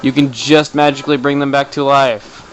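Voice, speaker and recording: A man giving chatty, excitable commentary while playing a video game, tossing in the odd swear for effect. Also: mid-range voice, fairly quick, slight background noise, low-quality recording. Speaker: let's play host. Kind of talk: casual gameplay commentary.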